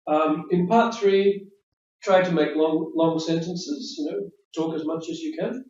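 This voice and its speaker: After a mock test, a male examiner offers friendly, chatty IELTS speaking feedback, explaining things and repeating words. His fairly high, darkish voice moves a little slowly, and the classroom audio is roomy, distant and dull.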